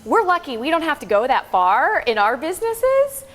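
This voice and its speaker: A woman's voice: high-pitched, huge pitch swings, moderate pace, a bit bright. A woman co-presenting a live business workshop, explaining earnestly and checking in with the audience. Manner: earnest and explanatory, many fillers and "right?" checks.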